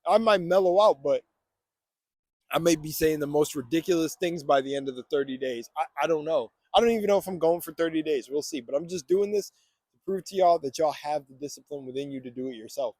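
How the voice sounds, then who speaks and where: A man's voice: on the high side, brisk, darkish tone, no echo. A young man giving a fired-up morning motivational monologue on spirituality, preachy and swearing freely.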